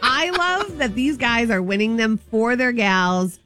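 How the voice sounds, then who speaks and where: A woman's voice: fairly high pitch, a little slow, soft background music. A woman co-hosting a morning radio show, talking chattily with lots of fillers as she reads out news bits. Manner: chatty, filler-heavy, animated. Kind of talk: casual radio banter.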